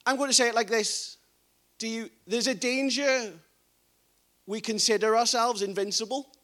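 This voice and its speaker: In this sermon, the male speaker's voice sits noticeably high, his intonation fairly even and his pace moderate. He starts with soft readings from scripture and works up to emphatic, forceful preaching.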